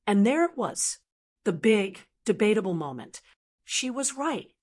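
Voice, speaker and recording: An older woman narrating a first-person audiobook story in a calm, measured, steady way. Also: medium pitch.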